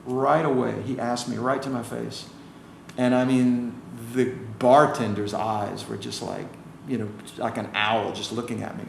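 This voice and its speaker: A man's voice: mid-range voice, measured pace, vocal fry. An American man, a chiropractor, telling stories in a casual interview, acting out the voices of the people in them. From United States. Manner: animated storyteller, acts out quoted voices. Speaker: chiropractor guest. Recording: roomy with faint ambient noise.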